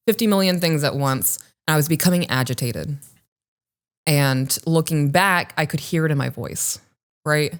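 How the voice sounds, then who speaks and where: Smooth-voiced earnest woman storyteller. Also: low-pitched. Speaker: podcast co-host. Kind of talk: casual chat, storytelling.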